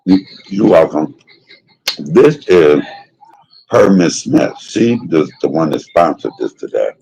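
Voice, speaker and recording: A man's voice: rumbling low, big pitch swings, slow pace, creaky, darkish tone, slightly rough, rough recording. An older man hosting a live food stream who drifts into emphatic, folksy preaching. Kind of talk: mukbang stream talk turning into preaching.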